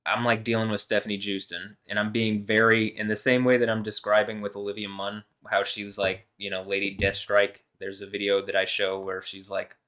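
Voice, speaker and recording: Guy ranting on his vlog, kinda low voice, rambles n swears a lot. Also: level tone, fairly quick, hardly any pauses, fairly bright tone. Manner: meandering, heated, full of fillers and swearing. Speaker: vlogger. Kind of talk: rambling solo monologue.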